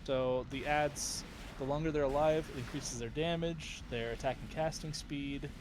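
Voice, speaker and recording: A man's voice: fairly high pitch, fairly even intonation, normal speed, background noise. A man leading a game raid over voice chat, explaining tactics step by step with many uhs and ums. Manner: instructive, with frequent uh and um. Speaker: raid leader.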